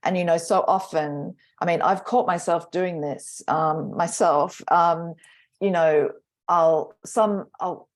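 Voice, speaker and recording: A woman astrologer speaking as a podcast guest, talking in a slow, reflective way with trailing pauses. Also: lowish voice, steady tone. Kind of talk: casual podcast chat.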